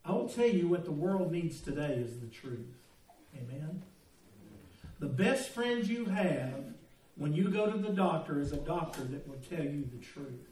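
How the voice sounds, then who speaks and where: Older male pastor, mellow voice, folksy then earnest, picked up from across a roomy sanctuary. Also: fairly high pitch, expressive, a little slow. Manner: folksy, joking storyteller turning earnest. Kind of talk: sermon. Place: church sanctuary. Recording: roomy echo, mic at a distance.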